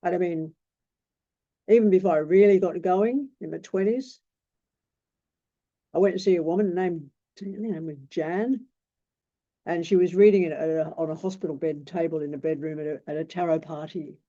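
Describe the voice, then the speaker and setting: A man's voice: high-pitched, fairly even intonation, normal speed, pauses often, mellow. A man, teaching tarot in a blunt, rambling way and swearing freely. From Australia. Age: 60s. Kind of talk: casual teaching talk. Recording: dull lo-fi recording.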